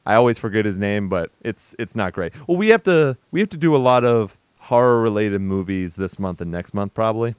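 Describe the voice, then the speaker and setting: A man's voice: on the low side, expressive, a little fast, few pauses, clean tone, dry recording, studio quality. Blunt, sarcastic young man podcasting. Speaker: podcast co-host. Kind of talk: casual movie podcast chat.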